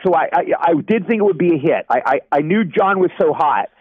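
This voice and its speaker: A man in his sixties telling animated anecdotes as an actor in a casual interview, acting out the people he quotes. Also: fairly high pitch, fairly quick. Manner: animated anecdote teller, acts out quoted voices. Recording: dry, dull lo-fi audio.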